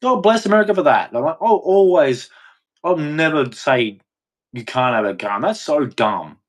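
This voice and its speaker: A man's voice: a little high, animated, normal speed. A man giving an emphatic, repetitive monologue, swearing and acting out quoted voices as he goes. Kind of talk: ranting monologue.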